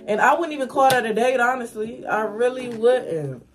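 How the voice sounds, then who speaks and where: A woman's voice: a little high, animated, normal speed, soft background music. A young woman, chatting casually to viewers in her vlog from home, talking straight to the camera. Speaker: vlogger. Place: at home, indoors. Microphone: camera on a stand.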